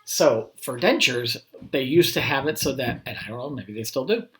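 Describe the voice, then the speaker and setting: A man, a school principal, reading a picture book aloud to children and chatting gently in asides. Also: medium pitch, lively intonation, normal speed. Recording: roomy echo.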